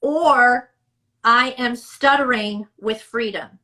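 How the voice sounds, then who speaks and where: Slow, bright-voiced woman therapist. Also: fairly high pitch, poor audio. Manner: measured, emphatic explaining. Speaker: speech therapist. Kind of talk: podcast interview answer.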